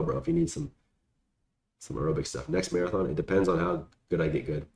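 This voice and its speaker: Gravelly low-voiced young man, echoey room. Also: animated, fast talker, darkish tone. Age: young adult. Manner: rambling, slangy, many fillers. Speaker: vlogger answering viewer questions. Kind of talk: casual Q&A chat. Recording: echoey room, faint background noise.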